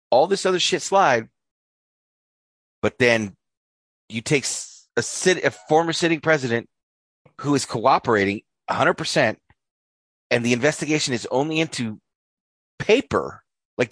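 A man from North Idaho, hosting a casual political chat, animated, swearing and laughing often. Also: mid-range voice, a little slow, pauses often, dry recording.

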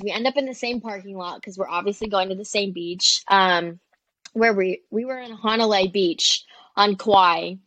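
A young woman, a social media creator and interview guest, chatting animatedly and full of "like"s. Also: mid-range voice. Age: young adult. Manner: chatty and animated, many "like"s, quoting people. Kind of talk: casual storytelling in an interview.

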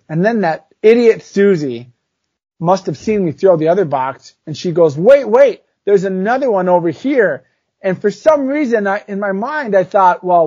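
A chatty man telling a funny childhood story, talking in a fairly high voice. His delivery is animated and loose, full of fillers. The recording sounds dull and lo-fi. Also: dry recording. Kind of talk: casual storytelling.

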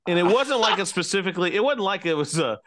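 A man's voice: sits high, expressive, fast talker, fairly bright tone. A man chatting casually as a podcast co-host, easygoing and hedging his points, often laughing. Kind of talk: casual chat.

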